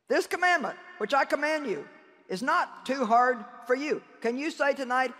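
A woman's voice: sits high, expressive, unhurried, a bit bright. A woman preaching a sermon to a conference crowd, addressing listeners directly and emphatically with laughing asides. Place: large conference hall. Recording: long reverb in a large hall.

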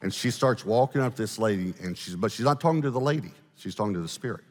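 Low-voiced pastor telling a story in a hall. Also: male voice. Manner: animated storyteller, shifts between fast asides and slow dramatic pauses. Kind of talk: storytelling sermon. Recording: echoey hall, live sermon.

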